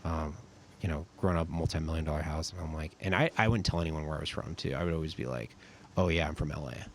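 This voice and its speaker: With an extremely low pitch and fairly even intonation, a fast-talking Californian army sergeant in his twenties chats as a podcast guest. His casual stories ramble and lean constantly on "like," and a little hiss or hum is audible.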